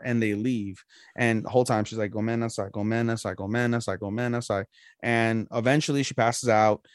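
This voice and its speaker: A man's voice: mid-range voice, dry recording, studio quality. A man co-hosting a podcast, chatting casually and rambling through a plot recap with loose, profane talk. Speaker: podcast co-host. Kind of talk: casual anime review chat.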